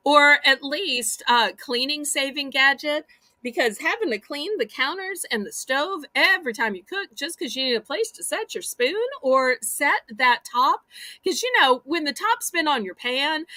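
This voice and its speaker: A woman with a Southern American accent hosting a live home-shopping auction, with chatty, animated selling patter. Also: high voice, no room sound.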